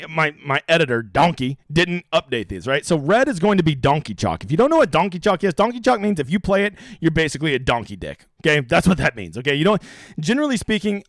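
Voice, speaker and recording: A man's voice: on the high side, fairly bright tone, no echo, studio quality. A brash young man hosting a profane, rambling live stream about fantasy golf strategy.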